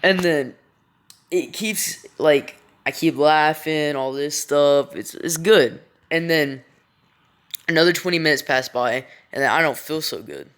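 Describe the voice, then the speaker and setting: A young man tells a story at an unhurried, slow pace in a bright, smooth voice. He rambles and swears freely. His sentences are full of fillers and restarts. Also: fairly high pitch. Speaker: vlogger. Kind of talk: casual storytime.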